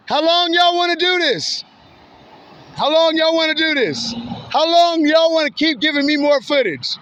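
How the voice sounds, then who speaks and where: A man's voice: very high voice, moderate pace, fairly bright tone. A man filming outdoors by a road at night, taunting passing drivers in a mocking, swearing street monologue with frequent laughs. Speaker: vlogger filming passing cars. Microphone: handheld camera or phone. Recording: dull lo-fi phone audio with faint street noise.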